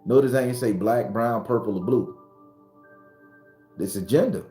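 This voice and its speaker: A man's voice: mid-range voice, moderate pace. Blunt, profane preacher-like man. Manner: blunt, profane, preachy, rising to shouts when retelling arguments. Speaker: spiritual advisor and channel host. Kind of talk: impassioned motivational monologue. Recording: roomy recording with faint background music.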